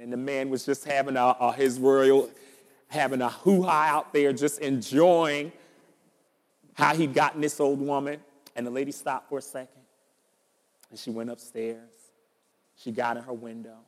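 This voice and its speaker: A man's voice: medium pitch, steady tone, measured pace, long pauses. Storytelling male pastor in echoing hall. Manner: storytelling preacher, rising to loud emphasis. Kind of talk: sermon.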